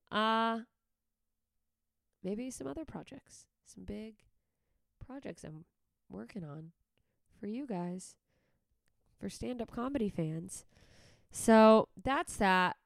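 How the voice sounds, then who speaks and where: A woman's voice: medium pitch, fairly bright tone, clean tone, no echo, studio quality. A woman hosting her own podcast, a stand-up comedian ranting casually with lots of swearing, tangents and self-mocking asides. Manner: profane, rambling, self-mocking. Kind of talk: casual solo podcast rant.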